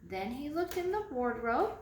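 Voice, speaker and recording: A woman reading a children's storybook aloud, slow and dramatic, building suspense. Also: sits high, very animated. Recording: echoey room, faint background noise.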